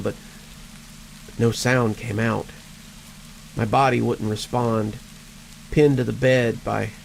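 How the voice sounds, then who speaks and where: A male horror storyteller with a gravelly, mid-pitched voice. He reads in a measured way and stumbles over words at tense moments. Faint rain patters behind him. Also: darkish tone, slight background noise, rough recording. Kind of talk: scripted horror narration.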